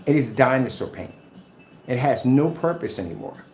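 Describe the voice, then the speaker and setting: A man's voice: medium pitch, lively intonation, moderate pace, darkish tone, echoey room. A man talking off the cuff in a vlog, combative and repetitive, trash-talking his rivals before drifting into loose chat. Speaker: screen paint maker and vlogger.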